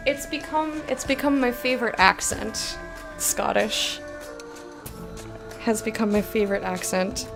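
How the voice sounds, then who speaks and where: Over background music, a giggly, easygoing woman plays a game live and chats casually with her audience, reading their messages aloud. She speaks unhurriedly in a slightly high voice.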